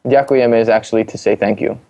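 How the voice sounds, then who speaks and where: A man's voice: medium pitch, quick pace. An American man chatting as a guest, telling stories with lots of fillers and restarts. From United States. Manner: animated storytelling, many fillers and restarts. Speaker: guest singer-songwriter. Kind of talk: casual interview chat.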